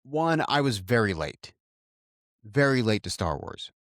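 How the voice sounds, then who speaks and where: A man co-hosting a comedy podcast, playful and teasing with an animated, bouncing pitch. He swears casually. His voice is dry and close to the mic. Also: measured pace, no room sound. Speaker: podcast co-host. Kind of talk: casual chat.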